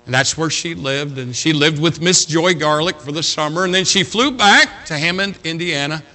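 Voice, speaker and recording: A middle-aged man preaching a sermon to young people, telling a story dramatically and swinging between loud appeals and hushed passages. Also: fairly high pitch, normal speed.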